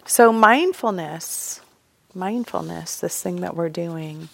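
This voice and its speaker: Gravelly-voiced woman giving a casual dharma talk. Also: fairly low pitch, takes it slowly, a little hiss or hum. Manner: casual and candid, laughs often, acts out inner thoughts. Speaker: meditation teacher.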